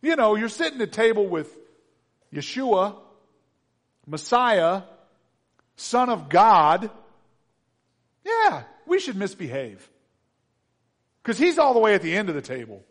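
A man preaching a sermon in an animated manner, teasing and humorous with the congregation. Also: sits high, slow pace, pauses often.

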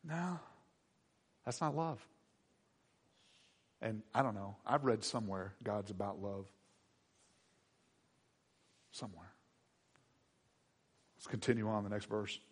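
A middle-aged man preaching a sermon, moving from quiet asides to loud, emphatic exhortation. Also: on the low side, slow, long pauses, husky, big-room sound. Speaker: pastor.

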